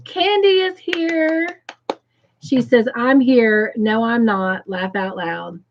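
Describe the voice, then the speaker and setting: A woman hosting a livestream, greeting viewers by name and reading their comments aloud with effusive, excited warmth. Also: a little high, slow, dull audio. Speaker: livestream host.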